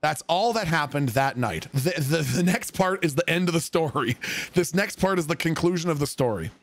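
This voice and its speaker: Male streamer, high voice, telling a creepy tale live with swearing and acted-out bits. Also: moderate pace. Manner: animated, profane, spoofs dialogue. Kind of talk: casual storytelling on stream.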